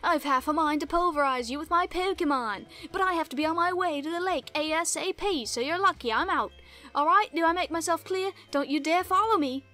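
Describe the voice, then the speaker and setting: Brief: woman playing a loud hot-headed male henchman, high pitch, shouty. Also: a little fast. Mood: angry.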